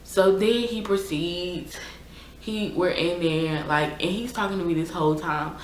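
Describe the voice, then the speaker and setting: A woman's voice: fairly low pitch, measured pace, slight background noise. A young woman, chatting casually and exasperatedly through a storytime vlog with lots of fillers. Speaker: YouTuber. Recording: echoey room.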